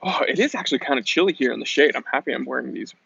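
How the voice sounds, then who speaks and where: A man's voice: medium pitch, animated, racing, vocal fry, sharp tone, slightly rough. A man hosts a casual outdoor livestream, chatting easily and greeting his viewers one by one as he reads their comments aloud. His voice comes through dull and lo-fi. It sounds dry, with no room echo. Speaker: livestream host. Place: outdoors in the shade.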